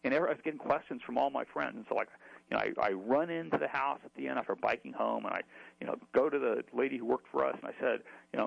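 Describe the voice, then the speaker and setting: A man's voice: medium pitch, fast, creaky, no room sound, highs cut off. A man telling a long story in an interview, chatty, with many fillers and restarts. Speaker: author.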